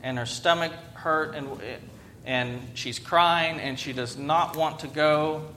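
A man's voice: on the high side, steady tone, takes it slowly, pushed and bright, slight background noise. A man in his thirties, a pastor, preaching a conversational sermon and asking the congregation questions.

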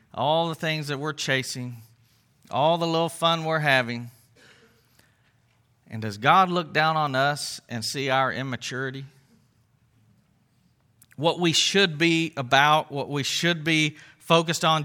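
A man's voice: a little high, pushed and bright. A man preaching a sermon, telling stories and putting questions to his listeners. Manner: storytelling, asks the congregation questions. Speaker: pastor.

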